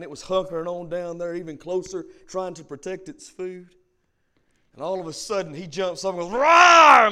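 High-voiced preaching pastor. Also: male voice. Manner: preacherly, repetitive cadence, rising to emphatic peaks. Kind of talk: Bible study sermon.

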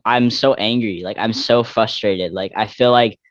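A man's voice: fairly low pitch, fairly even intonation, no echo. Young man, rambling, lots of "like". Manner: rambling, heavy filler "like", quick restarts. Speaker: guest athlete. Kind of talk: casual interview talk. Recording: dull lo-fi dry recording.

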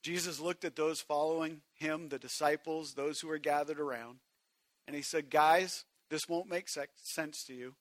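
A man preaching a sermon to a congregation, swinging from hushed, quiet passages to shouted emphasis and speaking directly to his listeners. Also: fairly high pitch, steady tone, moderate pace, no echo. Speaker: pastor.

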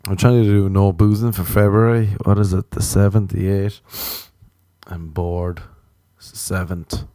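Man, podcast host, low mellow voice, jokey rambling, leaps up in pitch, dry close mic. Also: dry recording. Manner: self-mocking, jokey, rambling with sudden pitch jumps. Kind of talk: rambling late-night solo podcast.

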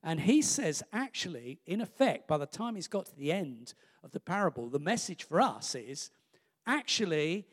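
Animated preacher in a reverberant hall. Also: male voice, fairly high pitch, moderate pace. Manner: animated, emphatic, thinks aloud with asides. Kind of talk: sermon with Bible reading.

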